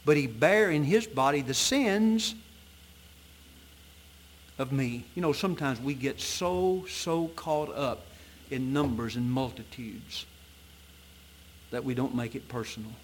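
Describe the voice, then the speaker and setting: A man preaching an evening sermon in a church, reading scripture in old-fashioned wording and swinging between loud emphatic peaks and low, soft passages. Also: takes it slowly, pauses often, slight background noise. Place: church sanctuary at an evening service.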